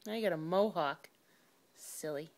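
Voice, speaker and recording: A woman's voice: sits low, moderate pace, a little mellow. A woman reading a picture book to her toddler at home, in a playful sing-song baby talk full of animal noises. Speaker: parent.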